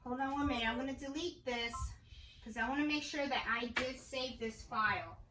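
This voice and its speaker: Filming on a tripod-mounted camera in her home craft room, this crafting channel host chats casually through a how-to vlog, frequently asking viewers "okay?". She's high-pitched and speaks at a moderate pace, and the room is echoey with faint noise.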